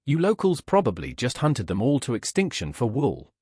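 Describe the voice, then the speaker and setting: A man's voice: medium pitch, wildly swooping pitch, moderate pace, a little mellow, slightly rough, no echo, clean studio sound. A man voicing a furious, insistent female tourist who huffs her arguments. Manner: huffing, insistent.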